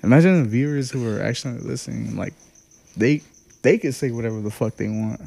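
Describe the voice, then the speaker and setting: A man's voice: medium pitch, fairly quick, creaky, mellow. A young man co-hosting a casual podcast, rambling and hesitant, with lots of profanity. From Southern California. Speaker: podcast co-host. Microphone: handheld podcast mic.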